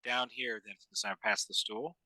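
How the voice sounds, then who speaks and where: A man's voice: mid-range voice, steady tone, moderate pace, sharp tone, dry recording, poor audio. A man playing a tabletop game, bold and matter-of-fact. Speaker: player. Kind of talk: casual tabletop play.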